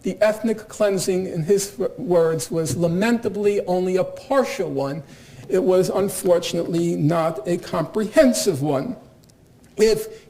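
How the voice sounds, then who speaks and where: A man with a notably high-pitched voice delivers a university lecture. He speaks in a measured, deliberate way, with a dry, sardonic undertone. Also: darkish tone. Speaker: guest lecturer.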